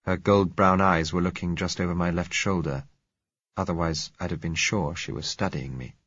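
Deep, husky male audiobook narrator. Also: fairly even intonation, fairly bright tone, dry recording, dull audio. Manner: measured, reflective first-person narration. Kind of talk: audiobook reading of a novel.

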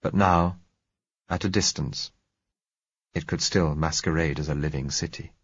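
A man narrating a novel in first person, in a measured, reflective way. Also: very deep voice, fairly even intonation, husky, no room sound, muffled recording. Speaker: audiobook narrator.

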